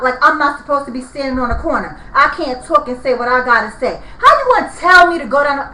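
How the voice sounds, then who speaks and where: A woman's voice: high-pitched, animated, fast talker, few pauses, sharp tone, echoey room, poor audio. A woman, venting in a heated, profane, repetitive vlog rant. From New York. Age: 30s. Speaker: vlogger.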